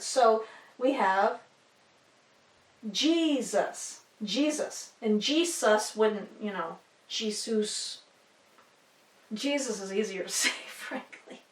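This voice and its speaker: A woman explaining a Bible lesson for kids in a chatty, casual way, often checking in with her listeners. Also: a little high. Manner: chatty, with fillers and asides, checking in with "okay?" and "right?". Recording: echoey room, mic at a distance.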